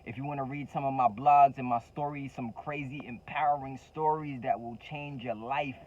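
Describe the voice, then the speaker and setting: A man's voice: medium pitch, fairly even intonation, moderate pace, a little mellow, lo-fi sound. A man hosting his own channel, giving a motivational talk to the camera with fervent repetition of key phrases and casual slang. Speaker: entrepreneur coach and channel host.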